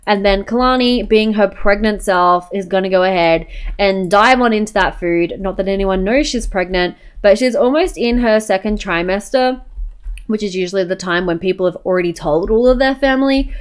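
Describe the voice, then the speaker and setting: A woman's voice: medium pitch, moderate pace, clean tone. A woman giving casual, chatty commentary while playing a life-sim game, often saying "go ahead and". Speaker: gameplay narrator.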